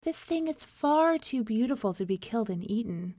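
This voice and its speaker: A woman's voice: fairly high pitch, animated, moderate pace, mellow, no room sound. A woman voicing a humble, kind young male fisherman in a storybook reading, earnest and plain-spoken. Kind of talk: storybook narration.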